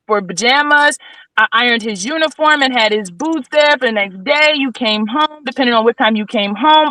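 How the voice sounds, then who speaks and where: A woman in her thirties talking as a podcast guest, animated and preachy, checking in with "right?" again and again. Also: on the high side, no room sound, poor audio. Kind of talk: casual podcast discussion. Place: studio.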